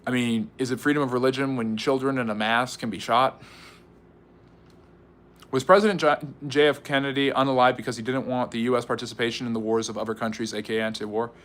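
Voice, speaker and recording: An American man hosting a live history stream, reading out viewer comments and answering them in a quick, chatty, teasing way with frequent fillers. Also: medium pitch, steady tone, fairly bright tone. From United States. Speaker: history channel livestream host.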